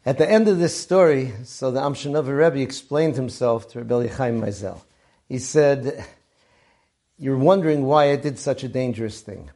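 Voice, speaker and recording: A man hosting a weekly storytelling show, narrating in an earnest, measured way and using Hebrew and Yiddish terms. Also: mid-range voice, mellow. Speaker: storyteller host.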